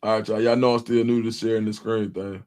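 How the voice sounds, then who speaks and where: A man's voice: on the low side, fast talker. A young man hosting a live stream, chatting casually in slang and reacting to viewers' comments. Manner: animated, slangy, reads chat comments aloud.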